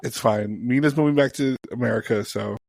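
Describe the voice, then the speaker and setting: A man's voice: mid-range voice, fairly quick, vocal fry, a little mellow, dry recording. A man co-hosting a wrestling podcast, ranting with a lot of swearing in casual chat. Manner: profane and ranting. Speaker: podcast co-host.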